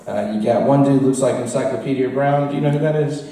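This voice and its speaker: Male storyteller, mellow voice, roomy bar sound, mic at a distance, animated and laughing. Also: mid-range voice, fast talker. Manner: animated, laughs through his story, chats with the crowd. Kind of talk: live storytelling to a bar audience. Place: bar with an audience. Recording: roomy echo, mic far off.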